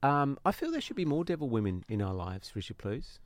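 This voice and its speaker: A man's voice: mid-range voice, very animated, brisk. A man co-hosting a casual radio chat in a studio, playful and joking, often stumbling over his words. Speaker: co-host.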